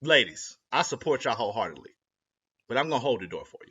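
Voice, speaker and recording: A man's voice: mid-range voice, big pitch swings, fast talker, bright, forceful tone, breathy edge. A young man from Ohio rambling casually to camera, slangy and self-interrupting, laughing at his own jokes. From Ohio, USA. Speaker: vlogger. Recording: lo-fi dull audio.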